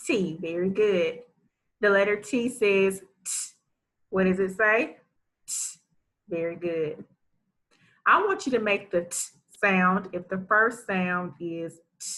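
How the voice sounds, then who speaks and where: Woman teacher, first grade reading lesson, very slow, carefully enunciated sounds. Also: medium pitch, low-quality recording. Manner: enunciates sounds carefully, warm praise for pupils. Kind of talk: slow, deliberate reading lesson for young children.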